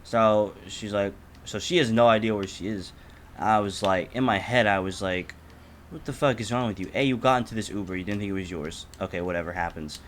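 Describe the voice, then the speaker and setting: Low-voiced profane teen storyteller. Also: male voice, fairly quick, slight background noise. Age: teens. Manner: animated, profane, acts out quotes loudly. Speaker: podcast co-host. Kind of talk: casual storytelling chat.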